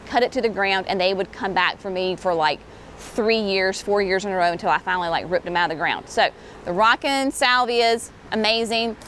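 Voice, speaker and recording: A woman's voice: medium pitch, a bit bright. Woman host, chatty and upbeat, nursery walkthrough, faint outdoor hum behind. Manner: chatty, enthusiastic, says y'all. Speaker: garden center host. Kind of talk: casual walkthrough video.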